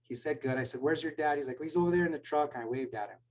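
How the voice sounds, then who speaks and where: A man's voice: on the high side, rapid-fire, low-quality recording. A man, a school administrator, speaking earnestly in a webinar talk and telling stories about students. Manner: earnest storytelling, gets choked up.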